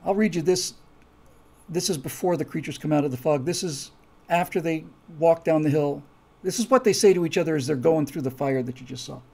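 A man talks casually and with enthusiasm to his viewers, rambling and restarting his sentences. His voice is gravelly and sits a little high for a man. He sounds like a creator sharing his own project. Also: brisk, darkish tone.

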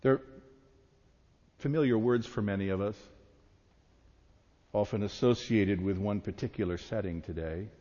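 A man delivering a sermon as a pastor, reading slowly and meditatively. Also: on the low side, warm tone. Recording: echoey hall, dull sound.

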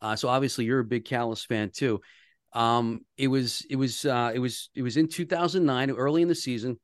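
A radio man from the Philadelphia area talks through a story in an earnest, conversational way, often restarting his sentences. His voice sits at an ordinary middle pitch, and the sound is dry and close. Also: fairly quick, no room sound. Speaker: radio host, guest. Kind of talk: casual podcast chat.

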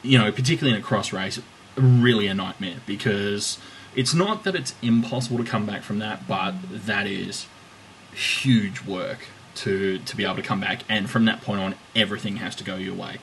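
A man's voice: lowish voice, moderate pace, a bit bright, slight background noise, low-quality recording. A man co-hosting a casual podcast, rambling and joking with plenty of swearing. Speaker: podcast co-host. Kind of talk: casual chat.

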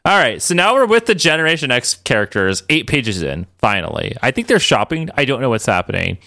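A woman's voice: rumbling low, very animated, brisk, fairly bright tone, no echo, studio quality. A woman co-hosting a comics podcast, chatting casually and wryly with self-deprecating asides. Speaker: podcast co-host. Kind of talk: casual chat reading comics aloud.

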